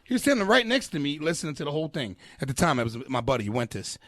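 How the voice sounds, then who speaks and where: Male comedian, animated storyteller, swears freely, high and lively voice, dry close sound. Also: fast talker, no echo. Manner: profane, animated storyteller who laughs often. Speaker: comedian guest. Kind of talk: casual podcast storytelling. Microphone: close podcast mic.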